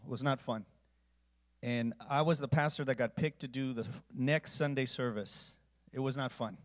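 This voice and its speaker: A man serving as pastor, telling a heartfelt story and leading communion and a closing prayer. He talks earnestly, dropping to a hush at times and rising loud at others. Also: mid-range voice. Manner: earnest storytelling, volume swinging from hushed to loud.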